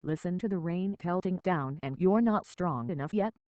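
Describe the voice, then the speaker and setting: A reader doing a gentle, coaxing nurse. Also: medium pitch, normal speed, dry recording, highs cut off, lightly acted. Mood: soothing. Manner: soft, coaxing. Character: gentle kindly female nurse.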